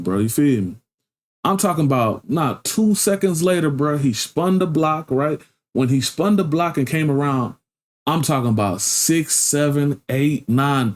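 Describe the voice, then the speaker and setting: A man tells a wild story in loose street slang. He keeps checking in with his listener and drives the story forward with animated energy. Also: fairly high pitch. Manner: slangy, animated storyteller, frequent "you feel me". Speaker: reaction channel host. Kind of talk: casual storytelling reaction.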